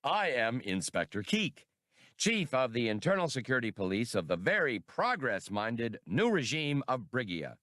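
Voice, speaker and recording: A man's voice: mid-range voice, very animated, moderate pace, pushed and bright, dry recording, clean studio sound, voice pushed up. A man voicing a pompous male alien police chief with a forced, hearty manner. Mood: falsely hearty.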